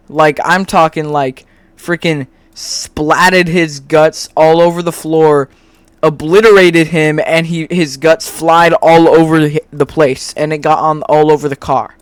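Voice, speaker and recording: Sex: male. Role: video creator. Style: reads a script he wrote while drawing. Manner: rambling, restarts often. Pace: slow. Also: a little high, steady tone, smooth, dry recording. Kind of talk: scripted argument over screen drawing.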